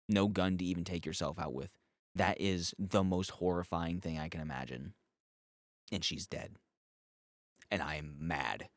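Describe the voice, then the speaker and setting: A young man casually recapping and reviewing a show episode, animated and profane, with joking asides. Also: deep voice, dry recording, clean studio sound.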